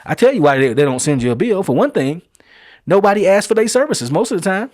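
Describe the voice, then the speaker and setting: Man, middle-aged, show host, emphatic rhetorical monologue, slightly high voice, dry close recording. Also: very animated, quick pace, darkish tone, no room sound. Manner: emphatic, rhetorical questions, folksy vernacular. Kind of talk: opinion podcast monologue.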